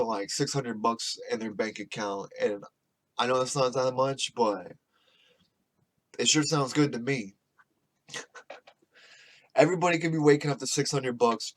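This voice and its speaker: A man hosting a podcast, ranting casually in a profane, rambling, sarcastic way. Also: mid-range voice. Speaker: podcast host. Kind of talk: casual rant.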